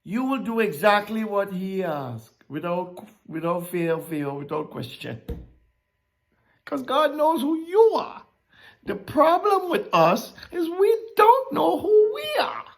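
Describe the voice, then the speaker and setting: A woman preaching a sermon, teaching from scripture in a slow, emphatic way. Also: mid-range voice, sing-song. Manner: emphatic, rising and dropping sharply, slow deliberate preaching.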